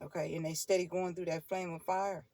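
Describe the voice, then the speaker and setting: A middle-aged woman with a fairly low, mellow voice talks a little fast with little pitch movement, in a dry recording. She hosts a tarot channel and chats directly to viewers, insistent and repetitive, laughing often and slipping in moralizing asides.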